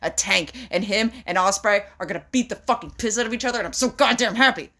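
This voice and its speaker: Young woman cohost, swears a lot, bright sharp voice, gets fired up. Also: mid-range voice. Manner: emphatic, profane, rapid rants. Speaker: podcast co-host. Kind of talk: casual chat about wrestling.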